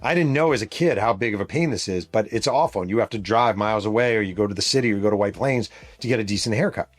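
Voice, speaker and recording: A middle-aged man from New York State hosts his podcast with a fairly low voice. He tells the story in a loose, casual way, swears freely and adds quick spoken sound effects. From New York State, USA. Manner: casual, profane, vivid retelling with sound effects. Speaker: podcast host and author.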